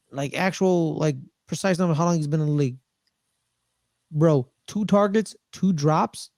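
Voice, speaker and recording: Brief: excitable male sports podcast co-host, high voice, dry close sound, repeats himself a lot. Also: dry recording. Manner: excitable, repeats phrases for emphasis. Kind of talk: casual sports chat.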